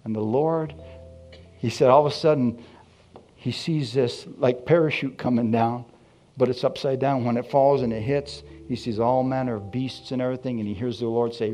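Male preacher, animated storyteller, mid-pitched voice, faint music underneath. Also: normal speed. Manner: animated storytelling, acting out dialogue. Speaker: pastor. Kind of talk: sermon.

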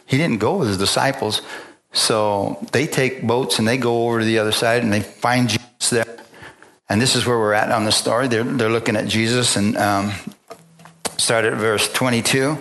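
A man's voice: medium pitch, fairly even intonation, normal speed, a bit bright. A man preaching a sermon, retelling the story in a loose, conversational way, acting out the dialogue and often stopping to restart his sentences. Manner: casual retelling with acted-out dialogue. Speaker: pastor.

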